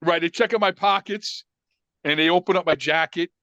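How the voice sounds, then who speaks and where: New guy spinning a yarn, acts out every quote, fairly high voice. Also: normal speed, no echo. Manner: animated storyteller acting out quotes, frequent swearing. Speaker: podcast guest. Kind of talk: casual storytelling.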